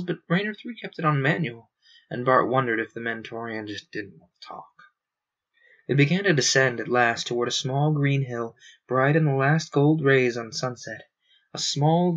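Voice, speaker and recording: A man's voice: mid-range voice, normal speed, fairly bright tone. Man reading a novel aloud, dull audio. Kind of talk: storybook narration.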